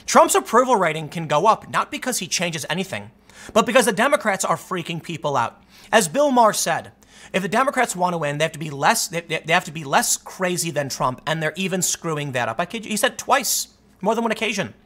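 Man, political commentary, high voice, lively pitch swings, reads quotes and reacts. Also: a little fast. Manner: animated, repeats words when fired up.

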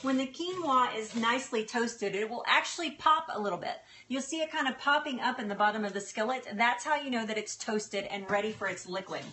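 A woman streams live from her home kitchen, speaking briskly in a slightly high, animated voice with hardly any pauses. She chats cheerfully with viewers, talks to what she's cooking, and thanks everyone warmly as faint sizzling and stirring sound in the background.

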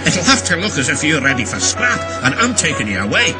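A plucky male steam engine with a Scottish accent, as a man puts him on, talking in eager, excitable bursts. His voice is a touch high and swoops widely from word to word. It sounds like a homemade storybook video. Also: brisk, over loud music. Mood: urgent. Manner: excitable, lively exclamations.

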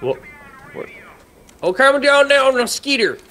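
A man giving casual co-op game commentary, excitable and prone to yelps and shouts. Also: extremely high pitch, unhurried. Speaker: gamer.

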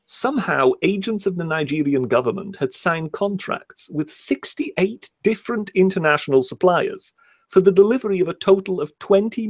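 A British man co-hosting a casual livestream chat, talking hesitantly with many pauses and slowing down to read passages aloud. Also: fairly high pitch, darkish tone, no echo. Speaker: co-host.

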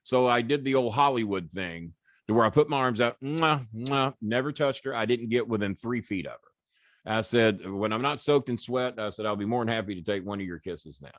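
A man's voice: medium pitch, normal speed, no room sound, clean studio sound. An older man, a podcast guest, animatedly retelling a story in casual chat, swearing freely and acting out the quoted voices.

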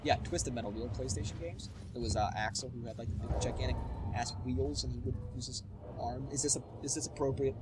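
A young man doing let's play commentary, sarcastic and excitable, swearing freely. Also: mid-range voice, fast, very noisy. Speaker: gaming YouTuber. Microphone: webcam setup. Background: game music and sounds.

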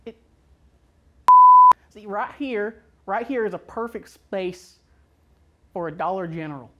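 A woman's voice: medium pitch, slow, heavy background noise, close to an everyday voice. Exaggerated Southern drawl, brash bragging patriot, woman performing, rambling and whooping. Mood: boastful. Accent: exaggerated American Southern.

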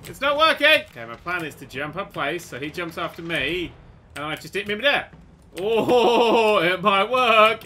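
A young man doing comedic let's play commentary, excitable and sweary, yelping and shouting when things go wrong. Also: a little high. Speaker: gaming YouTuber.

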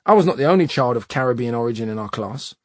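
A man reading a nonfiction audiobook in a measured, emphatic way. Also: medium pitch, expressive, dry recording, studio quality. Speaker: audiobook narrator.

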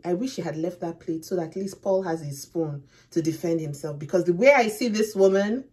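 A woman hosting a movie reaction, thinking aloud slowly and repeating herself with rhetorical questions. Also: on the low side, dark tone. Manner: slow, musing and repetitive, with rhetorical questions.

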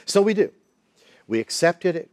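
A man's voice: high voice, big pitch swings, moderate pace, darkish tone, dry recording. A man, a Christian counselor and minister, tells a personal story as a guest in a TV interview, acting out the people he quotes.

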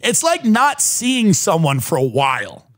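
A man's voice: high-pitched, wildly swooping pitch, a little slow, a bit bright, no room sound, studio quality. A man in his thirties, a podcast host from the United States, ranting sardonically in a comedic monologue. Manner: sardonic ranting, mocking voices.

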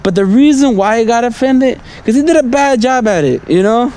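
With an extremely high pitch, lively intonation, and a warm tone, a man talks a little fast. He vlogs from a city street at night in a rambling, stream-of-thought way, constantly checking in with "right?" and "you know?" and chuckling between thoughts.

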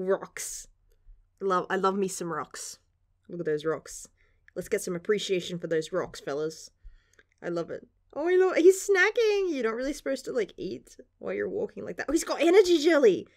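A woman's voice: fairly high pitch, a little mellow. A young woman reacting casually to a manga chapter, gushing and giggling, with casual swearing. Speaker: manga reviewer.

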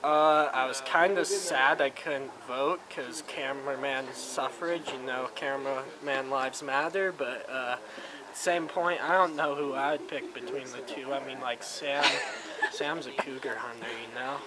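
A man, the show's cameraman, answering interview questions in a goofy joking way that trails off quietly. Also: mid-range voice, steady tone, measured pace, background noise.

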